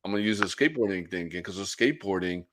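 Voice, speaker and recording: A man's voice: deep voice, lively intonation, racing, fairly bright tone, a little hiss or hum. An American man hosting a casual podcast interview, laughing easily and restarting his sentences as he talks. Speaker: podcast host.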